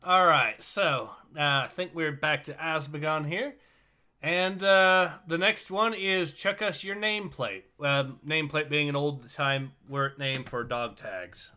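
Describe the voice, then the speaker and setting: A man with a bright, fairly high voice. He leads a casual livestream, introducing each story and then reading it aloud at a steady pace. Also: measured pace, clean tone. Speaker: livestream host and story reader.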